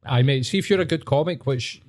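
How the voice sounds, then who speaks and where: A man's voice: mid-range voice, brisk, a little mellow. A Scottish man co-hosting a podcast, chatting casually, swearing and reflecting, calling his friend mate. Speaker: podcast co-host.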